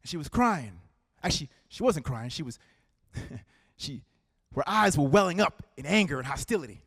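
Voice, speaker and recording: High-voiced man giving a stirring speech. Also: lively intonation, moderate pace, husky, no room sound, clean studio sound. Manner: rhythmic repetition, swinging from loud calls to hushed storytelling. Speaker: political speaker. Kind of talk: impassioned rally speech. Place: community center hall.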